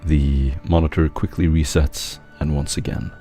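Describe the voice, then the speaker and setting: Very deep-voiced man narrating a game. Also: level tone, moderate pace, dark tone, soft background music. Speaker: game master.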